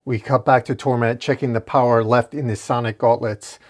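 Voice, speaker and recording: A man narrating a comic book recap at a middle pitch for a man. He tells the story plainly and breaks off for casual, wry commentary. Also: fairly even intonation, moderate pace, a little mellow.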